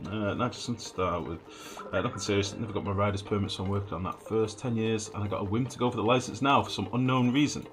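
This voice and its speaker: A man's voice: lowish voice, fairly even intonation, fast, hardly any pauses. A man giving casual live commentary while playing a game, thinking aloud, swearing freely and chatting with his viewers. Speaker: gaming streamer. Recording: game music under the voice.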